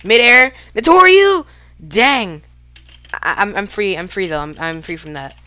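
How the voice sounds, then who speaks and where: A woman giving live gameplay commentary, excitable and casual, talking to herself and shouting at big plays. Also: sits low, measured pace. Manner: casual slang, talks to self while fighting. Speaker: gaming YouTuber.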